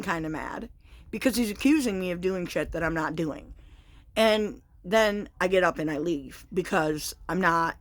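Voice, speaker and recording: A woman vlogger frankly recounting a personal story in a confessional, halting way. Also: on the low side, no room sound.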